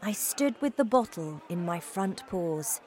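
Slow, expressive woman storyteller. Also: on the low side, some chatter behind. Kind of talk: storybook reading.

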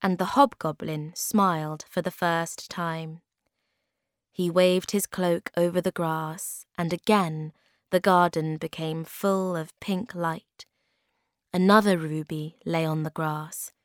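A woman narrating a graded reader story in a clear, careful storytelling manner. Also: lowish voice, steady tone, slow, no echo, clean studio sound.

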